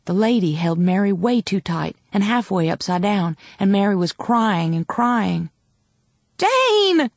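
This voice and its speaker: A woman narrating a dramatic audiobook in a measured first-person reading. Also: medium pitch, vocal fry, darkish tone, dry recording.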